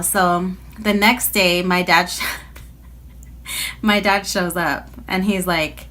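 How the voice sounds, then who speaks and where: A woman's voice: mid-range voice, slow, sharp tone. A woman telling a personal story in a casual storytime video, chatty and rambling, with lots of filler words. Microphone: phone.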